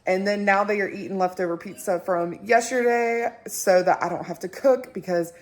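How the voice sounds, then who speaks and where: A woman's voice: medium pitch, fairly even intonation, moderate pace. A young woman, chatting and rambling casually to her phone camera at home as a mother and vlogger. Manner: chatty, rambling, warm toward viewers. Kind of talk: casual vlog chat to camera. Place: at home indoors. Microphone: handheld phone camera.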